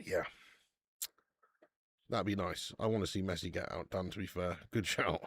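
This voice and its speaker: A man's voice: low voice, fairly even intonation, normal speed, a bit bright, husky, no room sound, studio quality. A man hosting a live football watch-along, chatting in casual banter, swearing freely and calling everyone mate.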